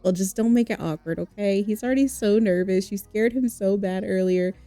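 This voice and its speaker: An easygoing girl on the edge of eighteen, casual and a bit exasperated with her dad, as a woman voices her. Her voice is mellow and dark in tone. It is recorded close and dry. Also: medium pitch, a little fast, no room sound, soft background music, natural voice. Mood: pleading. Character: teen girl turning eighteen, easygoing and slightly embarrassed.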